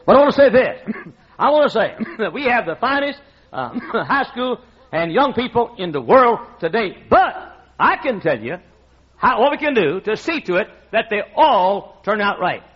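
High, lively-voiced preacher, husky. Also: male voice, moderate pace. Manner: emphatic preaching with frequent laughter from the room. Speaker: pastor. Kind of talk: sermon. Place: church sanctuary. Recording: muffled lo-fi sermon recording.

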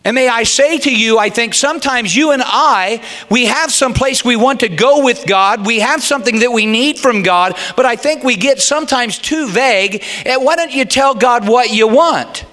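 A middle-aged male pastor with a high, bright, ringing voice delivers a sermon. He mixes folksy humor with earnest teaching. At times he swells into fervent, pleading calls. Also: lively intonation, moderate pace, hardly any pauses. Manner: folksy preaching with humor, rising to fervent pleas.

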